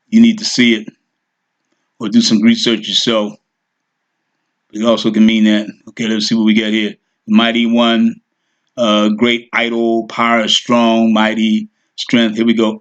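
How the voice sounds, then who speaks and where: A man giving an informal lesson, thinking aloud as he clicks through reference software and checks in with "okay" and "all right". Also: on the low side, completely flat delivery, moderate pace, dull audio. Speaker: teacher. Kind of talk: screen-share lesson.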